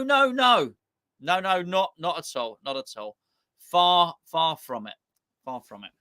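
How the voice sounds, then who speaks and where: A man's voice: medium pitch, bright, forceful tone, no room sound, clean studio sound. A man hosting a live stream, rambling and chatting casually, joking at his own expense and reading out viewer comments. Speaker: host.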